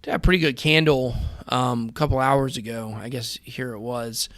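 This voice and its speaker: A man's voice: mid-range voice, steady tone, moderate pace, fairly bright tone, dry recording. A man in his thirties hosting a casual trading show, rambling through charts and talking straight to his viewers. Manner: rambling, conversational, addresses viewers as guys. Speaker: crypto trading show host.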